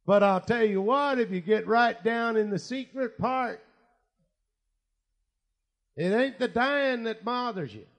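A man preaching a sermon, telling stories and acting out the people in them, with quiet asides and loud bursts of prayer. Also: very high-pitched, slow pace, pauses often. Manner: storytelling, voices quoted people, swings from quiet asides to loud shouted prayer. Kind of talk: sermon with acted anecdotes.

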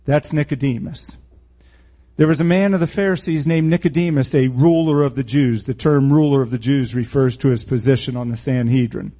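A man's voice: mid-range voice, steady tone, a little fast, mellow. A man preaching a verse-by-verse Bible teaching sermon in a blunt, emphatic way, with sarcastic asides.

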